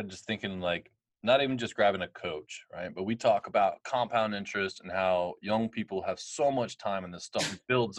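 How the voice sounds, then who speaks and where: A man's voice: on the low side, a little hiss or hum. A man hosting a podcast who asks thoughtful questions and lays out his reasoning before he gets to the point. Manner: reflective, builds up to his questions. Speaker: podcast host. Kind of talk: casual interview.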